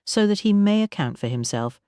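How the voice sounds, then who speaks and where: A woman's voice: medium pitch, lively intonation, fairly quick, dark tone, no room sound, clean studio sound, pitched above the performer's own voice, close to an everyday voice. Woman doing a pompous stout manservant. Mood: dramatic. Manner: dramatic, formal, self-satisfied. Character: pompous self-important manservant, male, stout.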